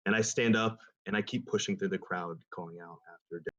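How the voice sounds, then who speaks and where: A man playing a tabletop game, speaking in first person as his character, calm and firm. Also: deep voice, brisk. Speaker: player. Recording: dull lo-fi sound.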